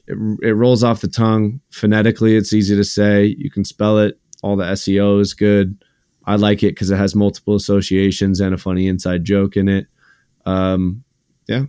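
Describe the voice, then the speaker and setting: A man co-hosting a podcast, talking in a relaxed, hesitant way that trails off. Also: fairly low pitch, normal speed, clear, resonant tone, no echo, clean studio sound. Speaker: podcast co-host, music producer. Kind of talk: casual chat.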